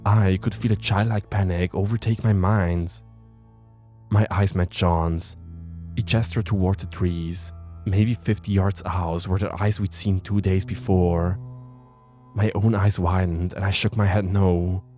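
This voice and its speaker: A man narrating a first-person horror story in a tense, measured way. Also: sits low, steady tone. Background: soft music.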